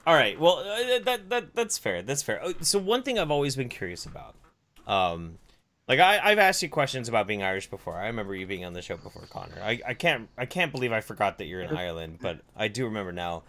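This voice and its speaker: A man co-hosting a live-streamed podcast, chatting casually and excitably asking long questions. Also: lowish voice, a little fast. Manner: excitable, asks questions at length. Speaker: podcast co-host.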